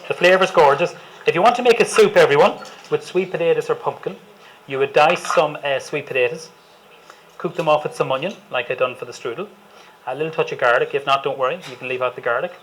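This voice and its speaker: A man's voice: fairly high pitch, fast talker, slight background noise, low-quality recording. A man with an Irish accent, a chef giving a chatty, enthusiastic live cooking demonstration to an audience and joking with them as he goes. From Ireland.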